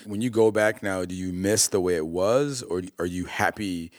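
Low-voiced chatty American host. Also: male voice, no echo, clean studio sound. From Chicago, USA. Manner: chatty, joking, quick asides. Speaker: podcast host. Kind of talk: casual interview chat.

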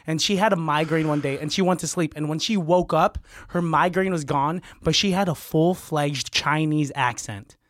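A man in casual banter, telling stories excitedly and laughing often. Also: a little high.

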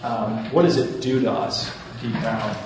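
A man in his thirties speaks to a room of students as their campus minister, in an earnest, conversational way that often breaks off and restarts. His voice sits at an ordinary middle pitch. He is heard from a distance across a large hall, with a long echo. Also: fairly even intonation, measured pace, darkish tone, a little hiss or hum. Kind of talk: conference talk to students. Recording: echoey hall from far off.

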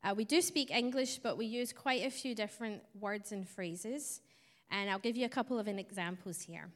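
A Scottish woman, a missionary, explains things to a church congregation in a friendly way, chuckling now and then. Her voice sits at a middle pitch. It rings out with a long reverb in the church hall. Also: moderate pace. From Scotland. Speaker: missionary speaker. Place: church sanctuary.

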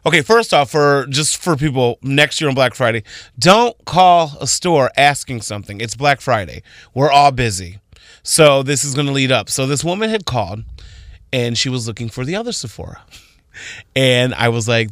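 A man's voice: medium pitch, expressive, normal speed, a bit bright, no room sound, clean studio sound. A man, a retail worker guest, animatedly telling a dramatic story on a radio show.

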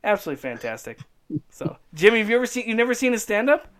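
A man's voice: high-pitched, very animated, racing, a bit bright. A man hosting a casual podcast chat, rambling enthusiastically and laughing often. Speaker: podcast host.

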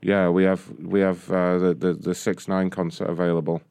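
Male prank call host, low register, sneering and profane. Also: level tone, moderate pace, a little mellow, clean tone, dry recording. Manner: mocking, profane, laughs often.

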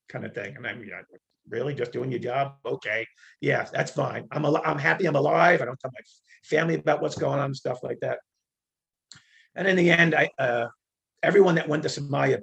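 Retired older man, gravelly fry-laden voice, spins lively anecdotes full of fillers and acted-out quotes. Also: medium pitch. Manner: animated, acts out quoted dialogue, frequent fillers. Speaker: interview guest, retired federal agent. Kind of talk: conversational storytelling.

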